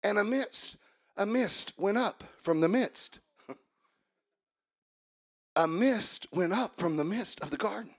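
Male preacher, high-pitched, gravelly, sermon in a church, soft talk rising to sing-song shouting. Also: expressive, slow pace, pauses often. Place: church sanctuary.

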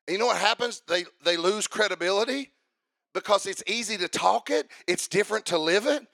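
A man preaching a sermon, fervent, building up to shouting and sing-song chanting. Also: high-pitched, vocal fry, no echo.

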